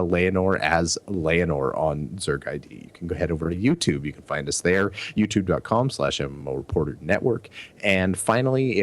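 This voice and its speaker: Deep-voiced casual podcast co-host man. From Canada. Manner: relaxed, rambling with fillers and restarts.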